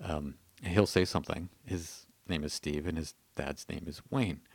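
A man's voice: a bass voice, normal speed, breathy edge, no room sound. A Canadian man in his thirties, a podcast guest telling a story in a hesitant, self-mocking way. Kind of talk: casual storytelling.

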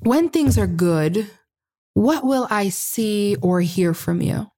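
Woman explaining sex advice, mid-pitched, keeps saying right?, patient. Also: lively intonation, slow, mellow. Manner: explanatory, checks in with frequent "right?". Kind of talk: advice-giving conversation.

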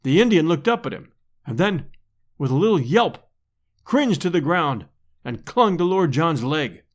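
A man narrating a novel as an audiobook reader, in a measured, expressive storytelling manner. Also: a little high.

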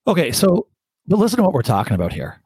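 A man hosting a casual sports podcast, brisk and skeptical as he leads the questions. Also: fairly high pitch, wildly swooping pitch, a little mellow, breathy edge, dry recording. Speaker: host.

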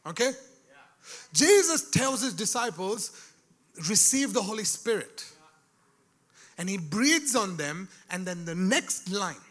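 A man preaching a sermon, dropping to a hush and rising to shouts, calling out to his listeners. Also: sits high, very animated, slow, long pauses. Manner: swings from hushed to shouted, calls out to the crowd.

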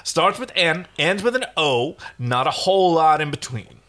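A man's voice: a little high, very animated, moderate pace, a bit bright, voice pushed up. A man voicing a brash, mocking male space captain who taunts in a sing-song way. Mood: taunting.

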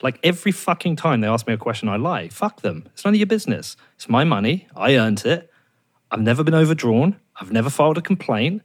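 A man's voice: animated, a little fast, breathy edge. A man hosting a podcast, ranting in a heated, swearing casual chat, his voice jumping up when he gets worked up. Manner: fired up, swears a lot, voice jumps high when ranting. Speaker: podcast host.

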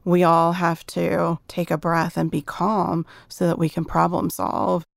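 A woman's voice: lowish voice, completely flat delivery, unhurried, vocal fry, no echo, clean studio sound. A middle-aged woman explaining parenting ideas earnestly in a casual chat.

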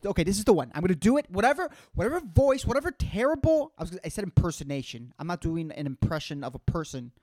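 A man's voice: on the high side, big pitch swings, quick pace, hardly any pauses, a little mellow, no echo. A man in his twenties ranting alone on his podcast, rambling and swearing with lots of slang. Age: 20s. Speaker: podcast host. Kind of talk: casual solo podcast rant.

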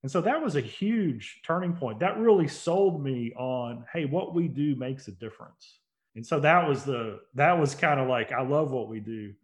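A man's voice: mid-range voice, animated, normal speed. A man speaking as an interview guest, telling stories earnestly and building to emphatic points. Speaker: interview guest, motivational speaker and company CEO. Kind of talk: casual conversational interview.

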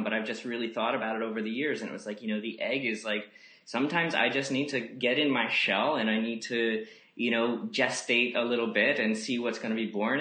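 A man speaking as a podcast guest on yoga, in a gentle, musing way, full of "you know" fillers. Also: mid-range voice, echoey room. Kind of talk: reflective casual conversation.

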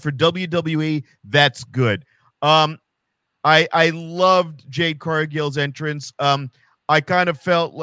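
Dude cohosting a podcast, kinda high voice, dry mic, jokey rambling. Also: male voice, fairly bright tone, dry recording. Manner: joking, rambling, laughs often. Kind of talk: casual panel chat.

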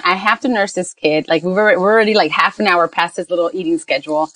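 A woman's voice: medium pitch, fast, hardly any pauses, fairly bright tone, dry recording. Woman, podcast co-host, mother, casual storytelling, bits of Spanish, dry close sound. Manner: chatty storytelling, mixing in Spanish phrases. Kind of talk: casual chat.

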